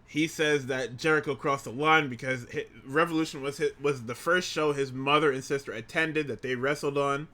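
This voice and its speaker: Bright, excitable man cracking up. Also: mid-range voice, normal speed, hardly any pauses. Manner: excitable, profane, laughs often. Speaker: podcast co-host. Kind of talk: casual wrestling podcast chat.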